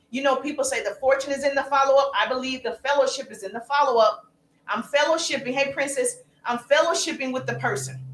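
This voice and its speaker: Upbeat woman business coach, high-pitched, live-stream energy, roomy sound. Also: slight background noise. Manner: energetic, calls out viewers by name.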